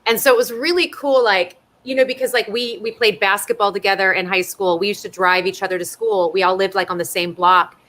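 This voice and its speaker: Bright, animated actress on a video call. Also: female voice, mid-range voice, a little fast, hardly any pauses. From Southern California. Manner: animated, playful, laughs often. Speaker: actress guest. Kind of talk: casual live interview chat. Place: home.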